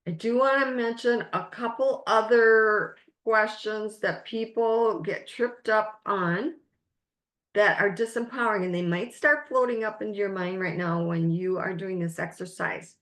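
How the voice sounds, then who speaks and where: A woman life coach leading a webinar masterclass, speaking in slow, emphatic, drawn-out phrases. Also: medium pitch, a bit bright, roomy sound.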